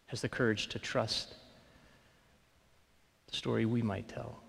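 A male pastor preaching a sermon in a reflective way, often dropping to a near-hush on key phrases. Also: on the low side, steady tone, unhurried, creaky, breathy edge. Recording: long reverb of a large hall.

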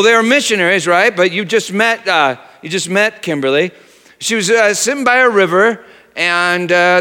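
A male pastor preaches in a high, lively voice that swings between loud questions and hushed low passages. He tells stories conversationally, tossing in asides and questions to the congregation. The sound carries the long reverb of a large sanctuary. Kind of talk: sermon. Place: church sanctuary.

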